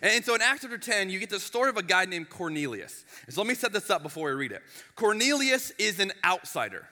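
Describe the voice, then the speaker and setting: A male lead pastor preaches conversationally in a church sanctuary, his very bright voice sitting high and moving fast. He's animated and chatty, often restarting and adding asides, and the big hall gives a long reverb.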